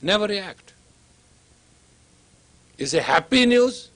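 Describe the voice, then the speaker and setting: Man, spiritual teacher, husky voice, lively swooping delivery, emphatic repetition. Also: a little high, a little slow, pauses often. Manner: emphatic, repetitive, acts out dialogue. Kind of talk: lecture to students.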